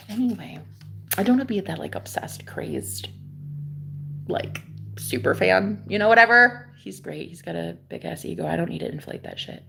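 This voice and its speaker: A young adult woman live streaming a rambling, confiding monologue, dropping to whispers and then rising to loud, profane exclamations. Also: mid-range voice, animated, normal speed, vocal fry. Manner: swings between hushed whispers and loud exclamations.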